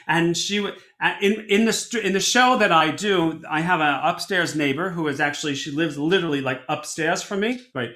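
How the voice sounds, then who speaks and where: An animated male cantor leads a storytelling lesson in a lively, conversational way, his voice high and bright. He often backs up and restarts mid-sentence. The sound is roomy, with a clear echo around him. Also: brisk, few pauses. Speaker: cantor teaching a storytelling workshop. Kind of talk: workshop lesson. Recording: echoey room.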